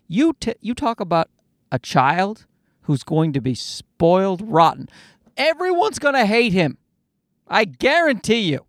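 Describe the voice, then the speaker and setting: A man's voice: sits high, vocal fry, fairly bright tone, no room sound, studio quality. A man in his thirties hosting a casual solo talk from the back seat of a parked car, joking and rambling. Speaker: podcast host.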